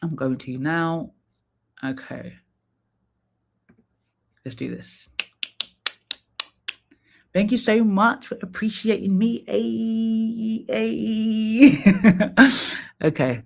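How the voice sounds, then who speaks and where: A man hosts a casual live stream, talking straight to his viewers and giving frank feedback. His voice sits a touch higher than most men's. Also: animated, takes it slowly, vocal fry, long pauses, a little hiss or hum. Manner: chatty, candid, talks to viewers by name; drops into sung snatches and playful asides. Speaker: live stream host reviewing profiles.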